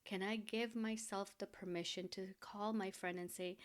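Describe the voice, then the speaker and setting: A middle-aged woman hosting a podcast, giving gentle advice in a soft, slow, reassuring voice that often drops to a whisper. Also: mid-range voice, steady tone. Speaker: podcast host.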